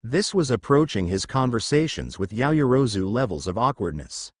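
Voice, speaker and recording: In studio-quality audio with no room sound, a man with a slightly rough, mid-range voice narrates a fan fiction audiobook at a moderate pace. Every character's dialogue comes out in the same even voice.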